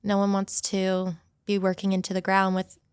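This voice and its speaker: A woman's voice: mid-range voice, monotone, moderate pace, clean tone, dry recording. A young woman esthetician and studio owner giving upbeat advice in a casual podcast interview.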